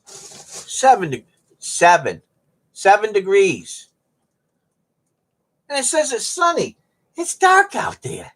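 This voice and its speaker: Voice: mid-range voice, huge pitch swings, extremely slow, pauses often, a bit bright. A middle-aged streamer rambling at home in a folksy, joking way to viewers. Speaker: live streamer chatting with viewers. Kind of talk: rambling casual chat to viewers. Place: at home on a cold day.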